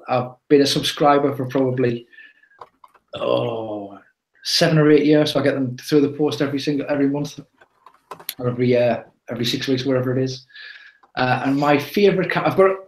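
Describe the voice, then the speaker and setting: A man's voice: medium pitch, a little mellow. Rambling chatty man, roomy echo. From England. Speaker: podcast co-host. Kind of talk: casual chat.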